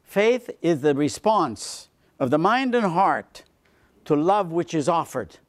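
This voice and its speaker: A man, a priest, giving a lecture on faith to a seminar, repeating phrases for emphasis and dropping into quiet low asides. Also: slow. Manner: animated, swings between emphatic lines and quiet low asides.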